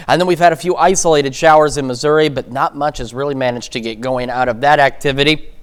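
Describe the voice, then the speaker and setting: A man giving a local morning TV weather forecast in a casual, conversational way. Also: fairly high pitch. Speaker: meteorologist.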